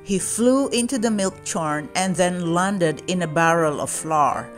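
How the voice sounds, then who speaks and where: A woman reading a children's storybook aloud in a calm, measured way. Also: fairly low pitch, soft background music. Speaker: children's book reader.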